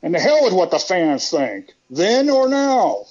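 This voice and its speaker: A man's voice: sits high, wildly swooping pitch, unhurried, darkish tone, lo-fi sound. A middle-aged man and former pro wrestler, telling stories with self-deprecating jokes in a casual interview. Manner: joking, self-deprecating storyteller.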